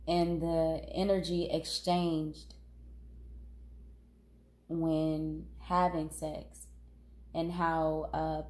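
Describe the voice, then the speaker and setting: A woman with a cold giving a casual tarot reading, talking unhurriedly with pauses and fillers. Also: sits low, darkish tone. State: has a cold, sniffling. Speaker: tarot reader.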